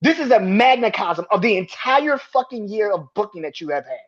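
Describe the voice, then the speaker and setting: A man's voice: high-pitched, animated, a little fast. A man hosting a podcast, ranting with heavy profanity and exasperated repetition. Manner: profane, exasperated, repeats himself. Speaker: podcast host. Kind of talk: heated wrestling rant. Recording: dull lo-fi recording.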